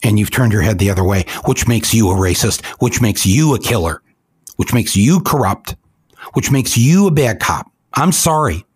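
A man giving impassioned, angry commentary with a husky voice. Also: lowish voice, lively intonation, normal speed, dry recording. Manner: angry, emotional, accusatory.

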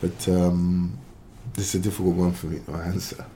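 Low-voiced man talking football. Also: normal speed, a little hiss or hum. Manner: animated, emphatic, interjects often. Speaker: football pundit, former striker. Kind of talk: casual sports radio chat.

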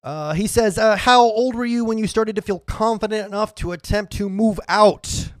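High-pitched man joking as co-host, dry close mic. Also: moderate pace, no room sound. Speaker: podcast co-host. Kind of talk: casual comedic chat.

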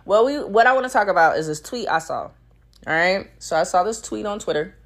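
A woman's voice: medium pitch, animated, brisk. A young woman hosting her own podcast, chatting casually and candidly, swearing freely and laughing often. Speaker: podcast host. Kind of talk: casual solo podcast chat.

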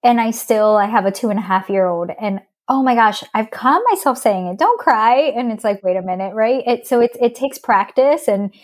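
A woman in her thirties, a psychologist, explaining in an earnest, measured way and often restarting her words. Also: on the high side, darkish tone. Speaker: child psychologist guest. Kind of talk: explanatory interview talk.

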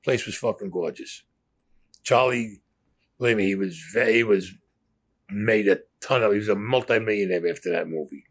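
A man with a low, husky voice recounts his past in blunt, profane language. He acts out each exchange as he tells it, switching between his own lines and the other people's. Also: moderate pace. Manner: blunt, profane storyteller who acts out dialogue. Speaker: former gangster telling his story. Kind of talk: recounting stories to camera.

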